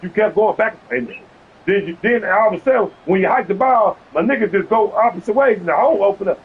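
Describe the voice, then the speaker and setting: A man's voice: high voice, quick pace, husky, phone-quality sound. A man streaming a video game, arguing heatedly with an opponent over voice chat and repeating himself to cut in. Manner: agitated, keeps repeating "hold on".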